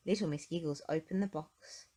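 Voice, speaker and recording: A woman reading a children's storybook aloud in an expressive, gentle way. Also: low-pitched, moderate pace. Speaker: storybook reader.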